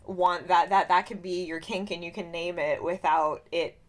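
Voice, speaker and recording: Thoughtful lower-pitched woman co-host. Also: fairly even intonation, normal speed. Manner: thoughtful, affirming, hesitant restarts. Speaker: podcast co-host. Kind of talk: casual chat.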